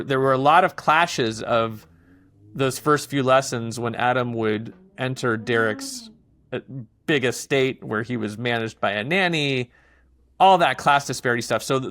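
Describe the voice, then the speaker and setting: A man's voice: medium pitch, no room sound. Chatty man, guest on a film interview. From not from England. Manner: animated storyteller, many fillers. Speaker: filmmaker guest. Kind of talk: casual interview talk.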